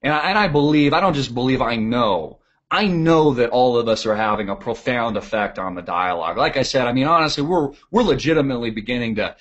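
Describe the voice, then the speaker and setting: A man giving a sarcastic, ranting political commentary. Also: medium pitch. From United States. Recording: dull lo-fi audio.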